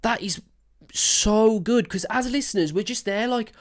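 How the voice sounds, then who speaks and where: A woman's voice: mid-range voice, expressive, normal speed. A woman hosting a music reaction, talking casually and enthusiastically with lots of fillers as she breaks down a song. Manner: enthusiastic, rambling with many fillers.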